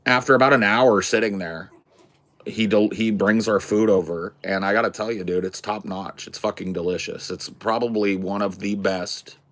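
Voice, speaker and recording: A man telling a story in a casual, animated, profane way as a podcast host. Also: on the low side, normal speed. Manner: animated, profane, swears freely.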